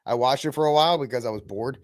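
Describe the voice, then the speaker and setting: A man's voice: medium pitch, rapid-fire. A man hosting a casual news commentary podcast, mocking and ranting in slangy talk and laughing often. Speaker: podcast host.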